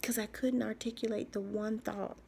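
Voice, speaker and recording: A woman speaking in a halting, soft personal video diary, often dropping to a whisper and repeating herself as she searches for words. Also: medium pitch, little pitch movement, vocal fry, a little hiss or hum. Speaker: vlogger.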